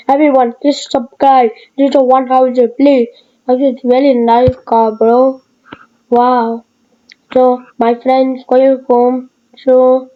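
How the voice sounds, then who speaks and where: Woman, excitable, rambling game commentary, slow, dull lo-fi sound. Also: high voice. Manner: excitable, rambling, broken phrasing. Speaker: gaming video creator. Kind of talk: casual gameplay commentary.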